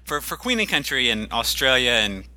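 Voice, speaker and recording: A man's voice: mid-range voice, big pitch swings, normal speed, bright, forceful tone. A man co-hosting a podcast in casual chat, talking in a hesitant, self-deprecating way with frequent ums and restarts. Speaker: podcast co-host.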